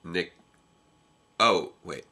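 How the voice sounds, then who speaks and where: A man's voice: sits low, drawn-out words, bright, forceful tone, breathy edge. A young man co-hosting a casual reaction chat, rambling and restarting his sentences and laughing often. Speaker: co-host reviewing episodes.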